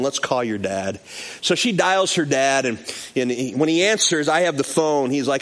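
A male pastor giving a sermon, mixing scripture reading with a personal story. His voice sits on the higher side and swings widely in pitch as he acts out the people he describes. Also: lively intonation, a little fast, a bit bright.

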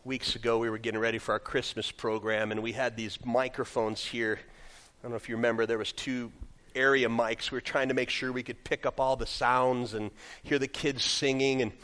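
A man preaching a sermon in a church. He reads scripture loudly and then drops into quiet, joking asides as he tells stories. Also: mid-range voice, moderate pace. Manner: animated storytelling, swings from loud scripture reading to quiet asides. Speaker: pastor. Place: church sanctuary.

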